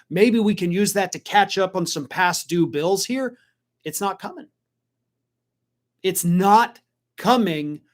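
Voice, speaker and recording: A man hosting a political commentary livestream, talking conversationally and reading out viewer comments. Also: high-pitched. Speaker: host.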